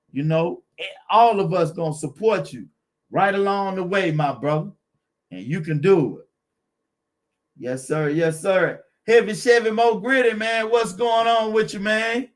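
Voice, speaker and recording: A man hosting a car channel live stream, chatting with viewers in a laid-back, encouraging way and greeting them by name. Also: sits high.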